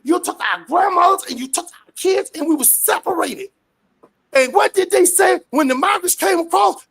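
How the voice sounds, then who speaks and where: Gravelly guy from the us ranting hard in a street interview, cussing and yelling. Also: very high voice, expressive, moderate pace. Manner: fiery, profane, shouting rants.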